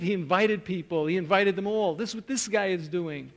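A man's voice: high-pitched, a little fast. Man preaching in a reverberant hall. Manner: storytelling, swings from loud to hushed. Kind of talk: sermon.

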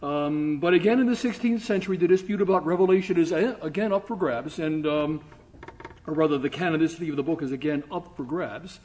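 A man's voice: on the high side, a little fast, darkish tone. Chatty man giving a history lecture. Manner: chatty, humorous, with fillers and asides. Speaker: guest lecturer.

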